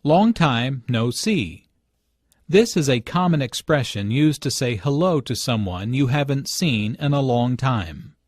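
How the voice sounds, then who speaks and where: A man's voice: medium pitch, animated, dry recording, clean studio sound. A man narrating language notes for an English lesson in an explaining tone. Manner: slow, explaining tone. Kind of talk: scripted narration.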